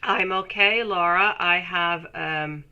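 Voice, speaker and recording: A woman with a cold and a stuffy, nasal voice, chatting warmly with her viewers while reading tarot on a live stream. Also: fairly low pitch, slow, smooth, muffled recording. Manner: chatty, affectionate, laughs often. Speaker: tarot reader.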